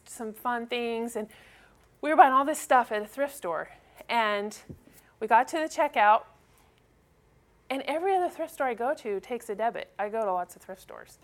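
A woman's voice: on the high side, a bit bright. A middle-aged mother giving a casual church talk, chatty, with many fillers and frequent laughs. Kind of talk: personal storytelling talk.

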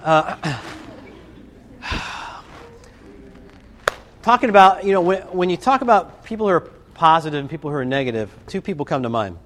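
A man giving a storytelling talk to a student audience, animated and acting out scenes and voices. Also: a little high, moderate pace, pauses often, a little hiss or hum. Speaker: speaker addressing students. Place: live talk to a group.

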